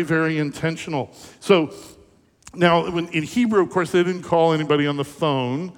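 Man preaching a lively sermon. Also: fairly high pitch. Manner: animated, conversational storytelling with questions to the audience. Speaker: pastor. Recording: echoey hall reverb.

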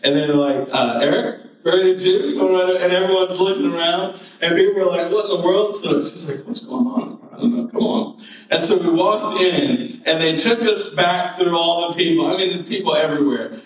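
Echoey pastor preaching. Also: male voice, high-pitched, fairly quick. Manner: storytelling, builds to preaching fervor. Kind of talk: sermon. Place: church sanctuary. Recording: very echoey hall, mic at a distance.

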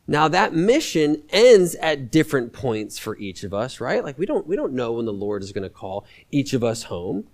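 A man preaching a sermon as a guest preacher, talking in a conversational, animated way and repeating lines for emphasis. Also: medium pitch, moderate pace, few pauses.

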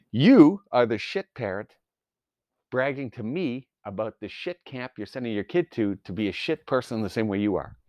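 A man's voice: lowish voice, a little mellow, no echo. A young man, a new father, ranting bluntly and profanely in a solo podcast, exasperated. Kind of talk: solo rant.

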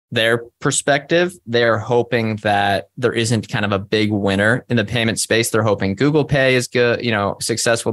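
Low-voiced man chatting about stocks. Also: a bit bright, no room sound. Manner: conversational, measured, frequent fillers. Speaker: podcast co-host. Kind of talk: casual investing discussion.

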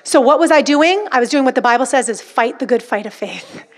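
A woman's voice: high voice, animated, a little fast. A woman preaching a sermon emphatically, acting out the voices she describes. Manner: emphatic, dramatic quoting of inner voices.

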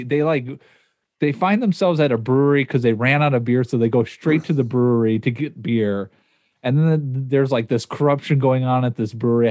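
A man's voice: medium pitch, a little mellow, no room sound, clean studio sound. A man in his thirties co-hosting a casual movie chat, rambling and self-deprecating. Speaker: podcast co-host.

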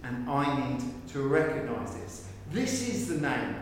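Middle-aged male pastor giving a sermon, slow and earnest, long reverb, distant mic. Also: mid-range voice, very animated, a little hiss or hum. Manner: earnest, rising to emphatic questions. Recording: echoey hall from far off.

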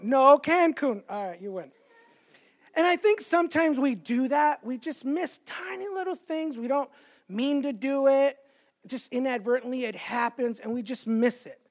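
A man in his thirties preaching as a guest evangelist, speaking from a church stage. He talks in a loose, chatty way, telling family stories and poking fun at himself before he gets to his message. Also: extremely high pitch. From Los Angeles area, California. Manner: chatty, self-deprecating storytelling with jokes. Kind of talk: sermon.

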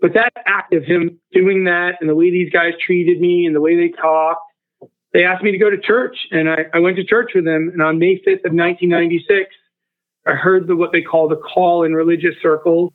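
Over a tinny remote line that sounds like a phone, a guest in his forties recounts something that happened to him, voicing the quoted dialogue with lively tonal changes. He speaks fairly quickly with a fairly high pitch.

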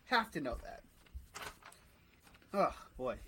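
A man's voice: mid-range voice, big pitch swings, takes it slowly, fairly bright tone, slight background noise, poor audio. A man co-hosting a sports podcast, ranting in a fired-up way and swearing freely. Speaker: podcast co-host. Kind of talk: casual sports podcast chat.

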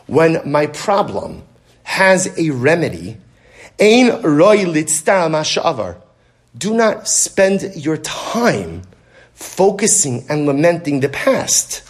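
Male Torah teacher, lively and emphatic, fairly high voice, builds with repetition. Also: moderate pace. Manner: animated, emphatic, repeats phrases for stress. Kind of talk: Torah class lecture.

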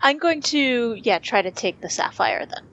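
A woman's voice: fairly high pitch, animated, normal speed, a bit bright, highs cut off. A woman playing a tabletop game, talking in an easygoing, self-deprecating way. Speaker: player. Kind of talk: casual tabletop play.

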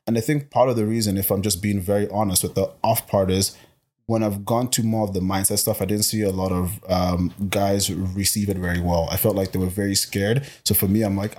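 A fairly low-voiced man who grew up in Botswana speaks in a casual interview, with fire and energy. He restarts sentences often and jumps in pitch when he gets excited. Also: fairly quick. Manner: energetic, passionate, many restarts. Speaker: interview guest, life coach.

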